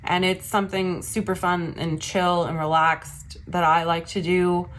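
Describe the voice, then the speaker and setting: A woman's voice: lowish voice, level tone, measured pace, fairly bright tone, a little hiss or hum. A young woman vlogger chatting casually as she shows her journals and planners. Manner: chatty, says "y'all". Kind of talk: casual show-and-tell.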